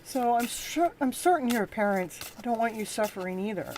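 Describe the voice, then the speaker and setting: A woman hosting a live tarot reading, talking in a gentle, encouraging and halting way to her viewers. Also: on the high side, animated, slight background noise. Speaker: tarot reader and show host.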